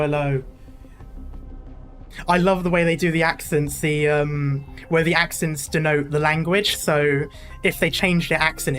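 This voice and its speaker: Chatty gaming streamer. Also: mid-range voice. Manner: chatty, rambling, laughs often. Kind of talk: casual playthrough commentary.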